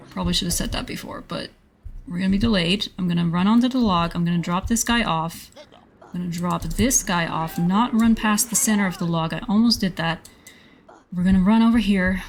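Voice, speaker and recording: A young woman streams a game live, talking to her chat in a flustered, apologetic way and laughing often. Her pitch sits in the middle range. Faint noise hums behind her.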